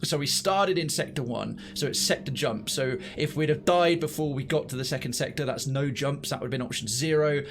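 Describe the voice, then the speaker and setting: A young man giving animated, swearing live gameplay commentary and thinking aloud. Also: medium pitch, brisk, few pauses, music in the background. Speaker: streamer.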